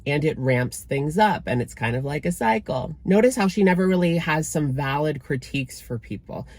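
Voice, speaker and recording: A man's voice: a little high, animated, moderate pace, a little mellow, no echo, clean studio sound. Sarcastic male commentary host. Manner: sarcastic, dismissive. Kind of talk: casual commentary.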